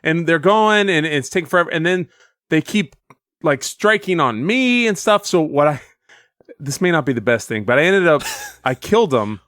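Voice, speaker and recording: A man's voice: fairly high pitch, sing-song, normal speed, a bit bright, no echo, studio quality. A man co-hosting a casual gaming podcast, rambling through a story with restarts and laughs. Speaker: podcast co-host.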